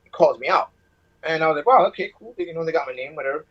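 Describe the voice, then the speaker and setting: A man's voice: fairly high pitch, fairly even intonation, very fast. A man calling in by phone and telling a personal story, rambling and sarcastic, with a hot temper. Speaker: caller. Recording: muffled lo-fi phone line.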